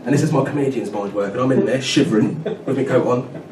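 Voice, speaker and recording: 30s guy doing stand-up at a pub gig, chatty, keeps asking "right?", sounds far off in a boomy room. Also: fast. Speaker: stand-up comedian. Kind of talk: stand-up comedy set. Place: pub comedy night with a live audience. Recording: echoey room from far off, loud noise.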